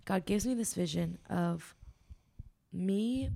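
A woman's voice: lowish voice, fairly even intonation, moderate pace, vocal fry, a little mellow. A woman guest on a podcast, telling an earnest, emotional faith testimony with lots of ums and likes. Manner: rambling, with many ums and likes.

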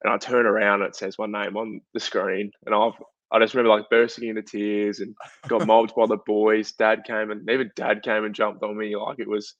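A young Australian man tells a story in a loose, chatty way, throwing in lots of fillers as he goes. His voice sits a little low. The recording is dull and lo-fi in a dry, dead room. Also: a little fast, dry recording. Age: young adult. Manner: chatty, filler-heavy, animated retelling. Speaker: guest footballer. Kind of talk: casual interview storytelling. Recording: dull, dry lo-fi podcast audio.

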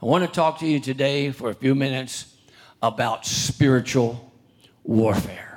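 An older man preaches, telling a story from his own life in a halting, restarting way and clearing his throat often. His voice sits at a middle pitch. When he reads scripture it rises and grows louder. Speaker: pastor. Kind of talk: sermon.

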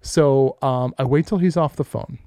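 A man's voice: mid-range voice, normal speed, no echo, clean studio sound. A middle-aged man co-hosting a podcast, telling stories in casual chat, cursing freely and acting out the quotes. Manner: profane, animated storyteller acting out quotes. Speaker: podcast co-host.

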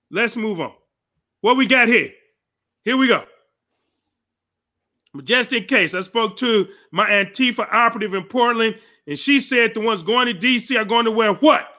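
A man with a very high, bright, piercing voice hosts a podcast. He rants angrily and profanely about politics, shouting often. His delivery is heated and combative throughout. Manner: angry, shouting, profane ranting. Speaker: podcast host.

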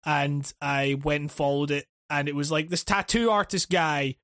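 A man with a fairly high voice co-hosting a casual podcast. He rambles through his points with many restarts and fillers, recorded dry with no room sound. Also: steady tone, moderate pace, fairly bright tone, no room sound. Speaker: podcast co-host.

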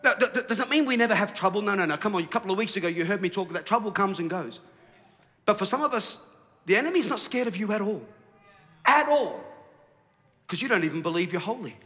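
Male pastor, fiery sermon delivery, bright and forceful. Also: high-pitched, fast, big-room sound. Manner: animated, rising to shouts.

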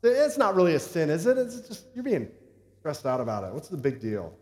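A man preaching a conversational sermon, often pausing to check in with his listeners. His voice sits a little higher than most men's. The room gives it a roomy echo with a long reverb tail. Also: very animated, a little mellow. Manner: conversational preaching with frequent check-ins to the congregation. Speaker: pastor. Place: church sanctuary. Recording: echoey hall reverb.

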